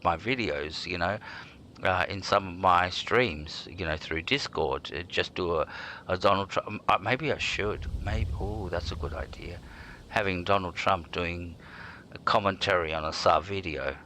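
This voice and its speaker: A lower-pitched man talks through his gameplay in a loose, rambling way, cursing casually as he goes. His voice has a bright, forward edge, with a faint hum of background noise underneath. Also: measured pace. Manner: rambling, swears freely, chuckles at himself. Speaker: gaming streamer.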